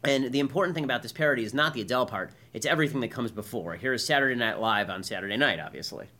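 A man's voice: mid-range voice, rapid-fire, bright, forceful tone. A man hosting a political commentary show, delivering a combative, emphatic monologue. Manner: combative, emphatic, keeps asking "right?".

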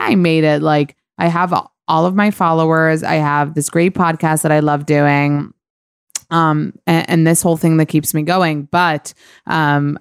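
A woman hosts a casual podcast chat, her voice low and resonant. She rambles candidly through fillers and restarts. The sound is close and dry, with no room around it. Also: smooth, no echo. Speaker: podcast host.

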